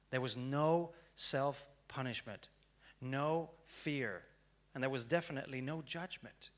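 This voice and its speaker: A young man giving a prepared storytelling talk on stage, dramatic and swinging from hushed to loud. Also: mid-range voice. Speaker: speaker. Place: stage before an audience.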